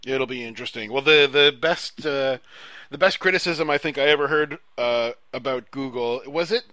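A man's voice: mid-range voice, normal speed, bright, forceful tone, dry recording. A man co-hosting a podcast, explaining things in a thoughtful, hedging way with likes and ums. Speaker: podcast co-host. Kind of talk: casual chat.

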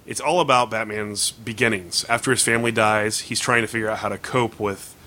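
A man's voice: on the low side, fairly even intonation, fairly quick, sharp tone. A man hosting a casual comics podcast, recapping stories at length in an upbeat way. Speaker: podcast host.

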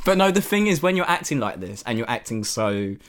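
A young man in casual chat, laid-back, swearing and laughing often, animated when he tells a story. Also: mid-range voice, brisk.

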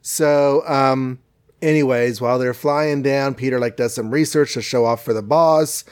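A man's voice: mid-range voice, fairly even intonation, a little slow, clear, resonant tone. Rambling man recapping a cartoon. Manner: rambling, self-correcting, jokey. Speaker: podcast host. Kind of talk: comedic episode recap.

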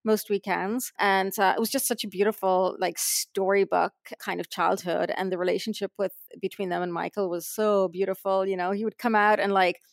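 A woman's voice: medium pitch, flat delivery, moderate pace, gravelly, hardly any pauses, no echo, studio quality. A woman from Ireland, a memoir author telling stories in an interview in an effusive, earnest way. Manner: effusive, earnest, soft-spoken reminiscing. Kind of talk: interview storytelling.

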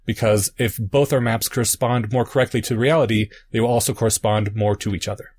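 A man's voice: lowish voice, steady tone, brisk, darkish tone, breathy edge. A man co-hosting a podcast, patiently explaining ideas through everyday analogies in casual chat. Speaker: podcast co-host.

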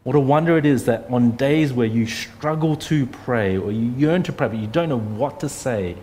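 A man's voice: medium pitch, moderate pace, darkish tone, slight background noise. A man, preaching an earnest, conversational sermon full of rhetorical questions. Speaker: pastor.

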